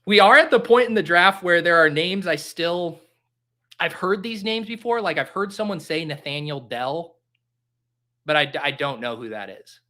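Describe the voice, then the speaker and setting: Man, live stream host, casual joking chatter, bright forceful voice. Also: on the high side. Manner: animated, joking, quick exclamations. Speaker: livestream host.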